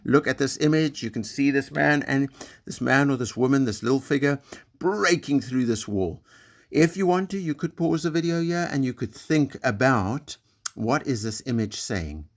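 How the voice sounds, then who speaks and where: A man leading a recorded school assembly, talking gently and encouragingly in simple words to young children. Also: medium pitch, expressive, moderate pace.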